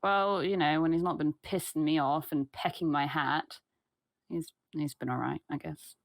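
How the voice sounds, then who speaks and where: A woman's voice: sits low, steady tone, moderate pace, no room sound, studio quality. A woman playing a spiteful young runaway sister in a tabletop game, blunt and petty and swearing freely.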